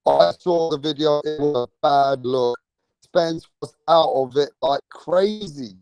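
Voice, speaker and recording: A man hosting a casual live-stream about boxing, talking excitably and repeating himself with slang. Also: a little high, a little slow, clean tone, dry recording, faint music behind, rough recording. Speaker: livestream boxing host.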